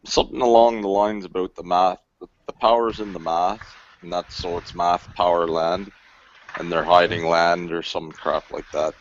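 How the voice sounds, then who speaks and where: A man talking slowly and casually, asking questions in a laid-back way. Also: deep voice, flat delivery. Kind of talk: casual chat. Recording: dry, dull lo-fi audio.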